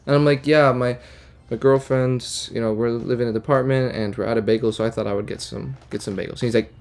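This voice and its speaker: A young man casually telling a rambling, deadpan, absurd story full of fillers and restarts. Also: mid-range voice, fast talker. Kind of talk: casual storytime while gaming.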